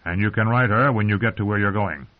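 Brief: man reading a blunt, loyal smuggler lord, low and firm, phone-thin sound. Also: fast talker, phone-quality sound, natural voice.

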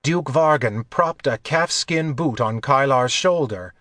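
A man reading a fantasy audiobook in a slow, measured way. His voice sits in a middle register. The recording is close and dry. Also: mid-range voice, animated, a bit bright, no room sound. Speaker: audiobook narrator. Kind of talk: scripted narration.

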